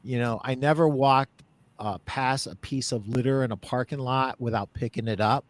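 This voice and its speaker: A man hosting a podcast interview, telling stories in a casual, animated way and laughing easily. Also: mid-range voice, normal speed, no echo. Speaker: podcast host.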